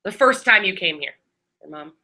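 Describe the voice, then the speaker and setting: Fast-talking bright-voiced woman trainer. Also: fairly low pitch, expressive, rough recording. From Maryland. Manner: quick, chatty, many fillers and restarts. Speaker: receptionist trainer. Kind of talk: training talk to a class. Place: training room with a group.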